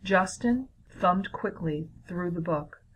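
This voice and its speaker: A woman reads a children's story aloud in a slightly low voice. Her delivery is steady and clear, like a storyteller. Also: slow, a little hiss or hum, rough recording.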